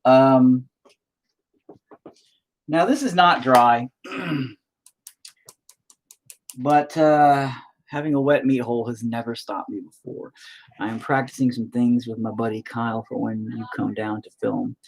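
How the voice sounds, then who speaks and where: A man's voice: medium pitch, fairly even intonation, unhurried, long pauses. A man with a rural Southern US accent, chatting casually while he paints, rambling, profane and self-mocking. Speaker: painting video host.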